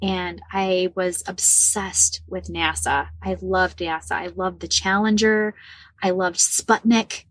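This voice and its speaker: A woman in her forties from the Midwest of the United States, telling a personal story as a podcast guest, animated and laughing often. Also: lowish voice, slow, no room sound. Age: 40s. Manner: animated, laughs often, acts out quoted dialogue.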